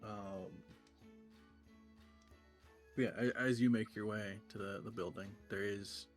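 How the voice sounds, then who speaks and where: A man's voice: fairly low pitch, fairly even intonation, normal speed, faint music behind. A man acting as game master, narrating the scene and chatting in a laid-back, dry way.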